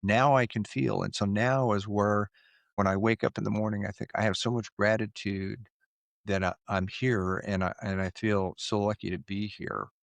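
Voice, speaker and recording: A man's voice: lowish voice, fairly even intonation, normal speed, vocal fry, no room sound. A man in his sixties, a podcast guest, telling his story in an earnest, reflective way.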